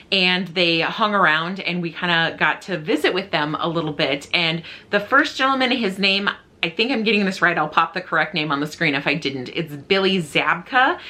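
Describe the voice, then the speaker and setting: A middle-aged woman from Minnesota chatting casually to camera in a question-and-answer video, self-deprecating and quick to laugh. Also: fairly low pitch, sharp tone. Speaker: YouTube vlogger.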